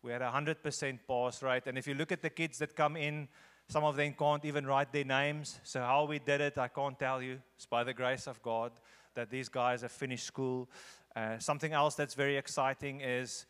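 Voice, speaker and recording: A man's voice: medium pitch, steady tone, moderate pace, a bit bright, clear, resonant tone. A man from Africa, a visiting guest speaker in a large church, talking conversationally and earnestly, often repeating phrases for emphasis. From South Africa. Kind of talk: conversational church talk leading into a sermon. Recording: echoey church hall.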